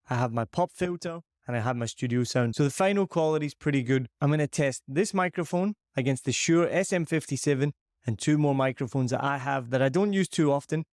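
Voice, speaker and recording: A medium-pitched, darkish Scottish voice hosts a podcast, casually and cheerfully reviewing a microphone with plenty of self-deprecation. The recording is studio quality with no echo. It was made on a dynamic mic mounted on a boom arm in a large empty living room with shiny surfaces.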